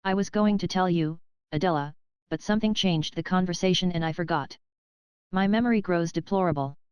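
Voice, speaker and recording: A woman reading the part of a gentle, vague elderly Englishwoman in an audiobook. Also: fairly low pitch, brisk, smooth, no echo, lo-fi sound, natural voice. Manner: mild, musing.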